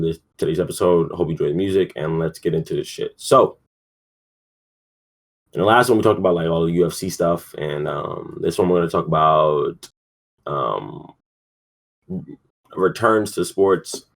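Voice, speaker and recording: Casual male podcast host with a deep voice, rambling, sleepy, swears a lot. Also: vocal fry. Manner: rambling, profane, lots of fillers. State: yawning, sleepy. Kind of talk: casual sports talk.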